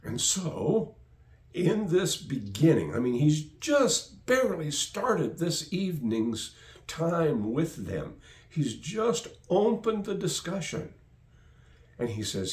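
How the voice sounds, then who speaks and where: A man preaching with a wide, lively swing of pitch, taking his time over each phrase. He is a pastor who leans hard on repetition to drive each point home. His voice carries a roomy echo around it. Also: slow. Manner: emphatic, repeats phrases for stress. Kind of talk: sermon.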